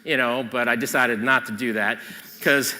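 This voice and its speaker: A man giving an animated photography seminar on a convention stage, emphatic and punchy, often checking in with "okay?". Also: medium pitch, moderate pace, long reverb tail.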